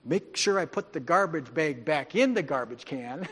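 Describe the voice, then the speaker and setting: A man preaching a sermon as a pastor, animated and joking, acting out quoted voices. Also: fairly high pitch, slow, big-room sound. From grew up on a farm.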